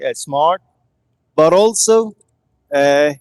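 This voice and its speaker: A man's voice: a little high, measured pace, no room sound. A man asking his teacher questions in a grammar class, hesitant and stumbling, with many fillers and repeated words. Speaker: student.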